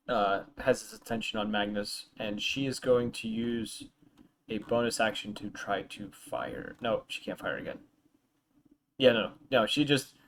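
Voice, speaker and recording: A man's voice: mid-range voice, slight background noise. A man narrating as dungeon master in a tabletop game, hesitant and full of ums and uhs.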